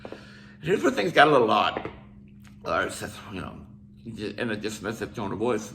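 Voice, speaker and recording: Older canadian guy rambling through an old tour story, gravelly voice that bounces around a lot, bit of hiss behind. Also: on the low side, very animated, moderate pace, sharp tone. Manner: rambling, with restarts and asides. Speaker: musician telling a tour story. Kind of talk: casual storytelling.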